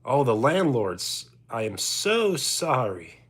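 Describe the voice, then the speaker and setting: Husky streamer with a New York accent, unhurried chat banter, lively intonation. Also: male voice, mid-range voice. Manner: reads out and answers chat comments. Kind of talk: casual livestream chat.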